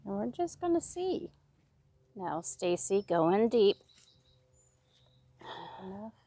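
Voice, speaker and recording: West Coast woman in her fifties, gravelly voice, unhurried chatty gardening vlog, dry close sound. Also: mid-range voice, sing-song, mellow, no room sound. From Oregon. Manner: chatty, self-talking, laughs often. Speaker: home gardener. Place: backyard garden outdoors.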